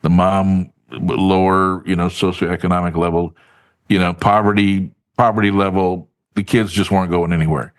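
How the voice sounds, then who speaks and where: A middle-aged man telling stories as a podcast guest, lively and acting out what others said. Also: sits low, normal speed, clear, resonant tone. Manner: animated storyteller who acts out quoted voices. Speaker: podcast guest, business advocate. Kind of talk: casual storytelling in an interview.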